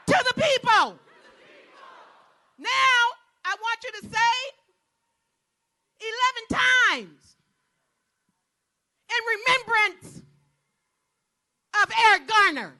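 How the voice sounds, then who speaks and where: A woman's voice: very high-pitched, bright, forceful tone. A woman emceeing an outdoor protest rally, leading the crowd in preacherly call-and-response and folksy asides.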